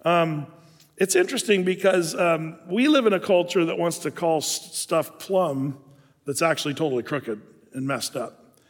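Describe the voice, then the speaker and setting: A man's voice: a little high, normal speed. Conversational man preaching in a hall. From Southern Oregon. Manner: conversational, many fillers and restarts. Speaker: pastor. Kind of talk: sermon. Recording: long hall reverb.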